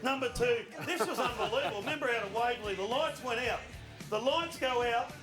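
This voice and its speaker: A man's voice: extremely high pitch, brisk, echoey room, over music. An Australian man on a sports panel, out of breath, exclaiming and laughing as he runs through clips. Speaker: panelist presenting footage segment. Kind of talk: casual studio banter.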